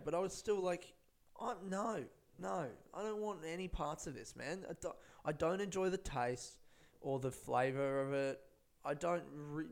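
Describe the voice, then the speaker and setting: A young man, a stand-up comedian, rambling laid-back through a casual solo podcast on a close microphone, swearing often. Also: medium pitch.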